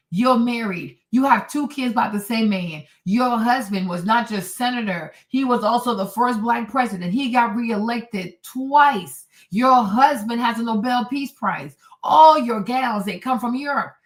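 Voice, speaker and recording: A woman's voice: on the high side, measured pace, few pauses. A woman hosting a commentary show, reacting to clips with indignant, mocking sarcasm. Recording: echoey room, distant mic.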